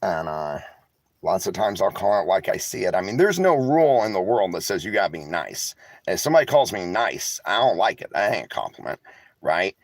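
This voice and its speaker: Sitting in a vehicle, a weary, emotional vlogger rambles candidly to viewers, reading live chat in casual talk full of sarcasm and swearing. His voice is low and fairly quick, with big swings in pitch and no room sound.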